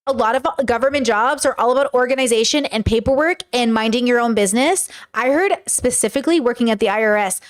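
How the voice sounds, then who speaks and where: A woman's voice: on the high side, fast talker, few pauses. A young woman streaming, chatting casually and rambling in reaction to clips, full of fillers and swearing. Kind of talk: casual reaction chat to a live chat.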